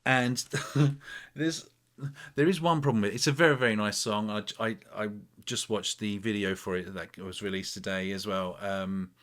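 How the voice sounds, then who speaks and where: A man's voice: fairly low pitch, steady tone, normal speed, a bit bright. A man rambling through a casual album review, full of fillers and asides.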